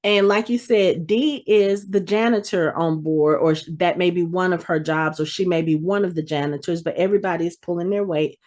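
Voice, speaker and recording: Lively woman podcaster retelling an episode. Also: lowish voice, moderate pace, few pauses. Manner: animated storyteller who acts out the characters' lines. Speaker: podcast host. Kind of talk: casual episode recap chat.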